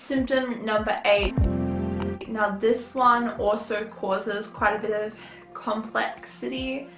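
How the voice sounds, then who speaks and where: A woman's voice: mid-range voice, fairly bright tone, roomy sound, poor audio. A woman vlogger talking casually to camera, tired and out of breath, chatty and apologetic.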